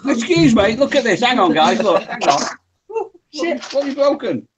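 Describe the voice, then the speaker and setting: A man chatting on a live online hangout, animated and quick with banter. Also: very high-pitched, over a noisy crowd. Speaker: regular guest on a live hangout. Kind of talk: casual chat.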